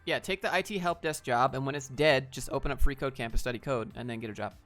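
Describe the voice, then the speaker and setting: Young male streamer, casual and blunt, middle pitch, faint music underneath. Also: fast, fairly bright tone. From Georgia, US. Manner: laid-back, reads viewer questions aloud and answers bluntly, says dude. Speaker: streamer answering chat. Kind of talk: casual livestream chat.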